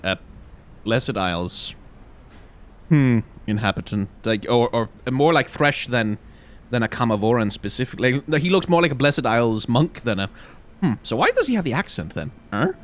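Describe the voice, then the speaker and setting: Excitable rambling gaming commentator. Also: male voice, mid-range voice, moderate pace. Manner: chatty, rambling, excitable, many fillers. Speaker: gaming video host. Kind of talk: casual let's-play commentary.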